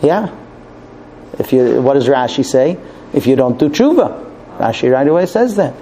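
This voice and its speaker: A man's voice: mid-range voice, lively intonation, normal speed, dark tone, slight background noise. A man teaching a Torah class, earnest and conversational, telling a personal story. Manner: earnest, storytelling, with restarts and light laughs.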